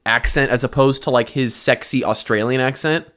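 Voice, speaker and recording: A man's voice: mid-range voice, moderate pace. A man co-hosting a casual podcast chat, joking and swearing freely. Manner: joking, animated, swears a lot. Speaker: podcast co-host.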